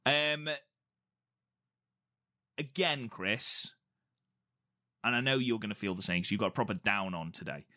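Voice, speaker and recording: A man's voice: lowish voice, a little slow, pauses often, sharp tone. A man co-hosting a casual podcast chat, talking eagerly and repeating words for emphasis. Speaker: podcast co-host.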